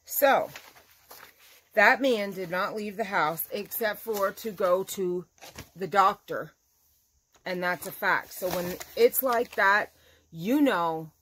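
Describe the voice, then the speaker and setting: A woman crochet vlogger chatting casually to her viewers, telling an animated story. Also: medium pitch, a little hiss or hum. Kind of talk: casual chat to camera.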